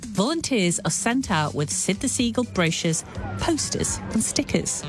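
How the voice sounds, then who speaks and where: A woman presenting a radio documentary in brisk, lightly playful scripted narration, sometimes asking her guest questions. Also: mid-range voice, sing-song, music in the background.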